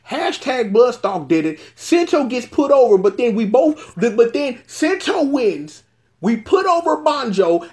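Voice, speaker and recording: Animated, high-voiced male vlog host. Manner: animated, joking, breaks into voices. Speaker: show host reviewing a TV episode. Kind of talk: casual commentary vlog.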